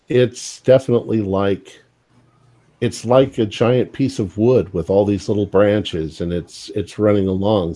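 Low, husky-voiced game master. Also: male voice, dark tone. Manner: halting, repeats words while describing scenes. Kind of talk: narrating a tabletop horror game.

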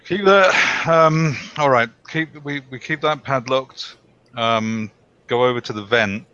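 A man's voice: medium pitch, slow, bright, forceful tone, a little hiss or hum. A man playing a tabletop game who takes charge and gives directions to the group. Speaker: player. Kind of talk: in-character tabletop play. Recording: dull lo-fi recording.

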